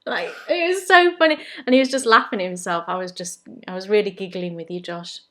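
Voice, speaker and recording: Woman, English accent, medium pitch, chatty, rambling, casual podcast host. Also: fairly quick, sharp tone. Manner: chatty and rambling, often laughing at herself. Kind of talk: casual chat.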